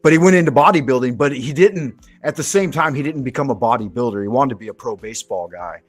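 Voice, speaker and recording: A man's voice: mid-range voice, fast talker. Profane storytelling man. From Southern California. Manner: rambling, profane, animated anecdotes. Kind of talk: casual conversational storytelling.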